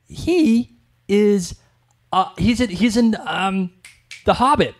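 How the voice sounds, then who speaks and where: A man co-hosting a podcast in casual chat, excitable and gushing. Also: sits high, slow pace. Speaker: podcast co-host.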